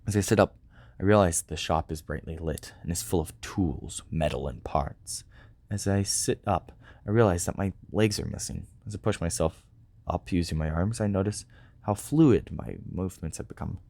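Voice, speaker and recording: A man narrating a first-person story in a quiet, subdued way. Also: low-pitched, normal speed, vocal fry, no room sound. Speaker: audiobook narrator.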